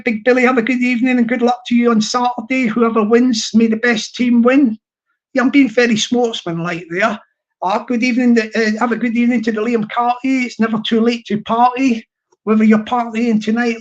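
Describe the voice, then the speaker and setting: A man, talking casually on his live stream in a rambling, halting way full of fillers and restarts. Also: extremely high pitch. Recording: dull lo-fi sound.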